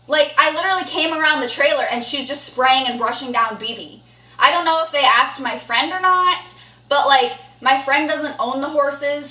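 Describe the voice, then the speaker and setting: A woman's voice: sits high, pushed and bright, far from the mic. A young woman vlogging an indignant storytime rant, blunt and swearing freely. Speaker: horse vlogger. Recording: echoey room, voice a bit off-mic.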